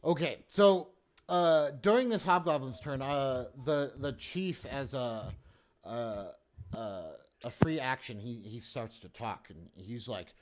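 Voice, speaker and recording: A man's voice: medium pitch, takes it slowly, a little hiss or hum. A man narrating as game master in a live-play tabletop game, casual and rambling, with many fillers.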